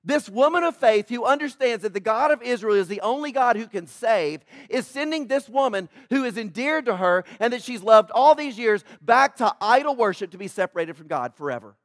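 A man preaching a sermon as pastor, emphatic and addressing the congregation directly, swinging between loud build-ups and hushed asides. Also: extremely high pitch, expressive, brisk, few pauses, no echo, clean studio sound. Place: church, in front of a congregation.

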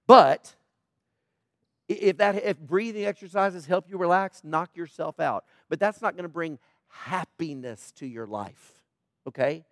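A middle-aged man delivers a sermon in a chatty, sarcastic tone, slipping into quiet asides. His voice sits high for a man. The sound is close and dry, with no room around it. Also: measured pace, no room sound. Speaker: pastor.

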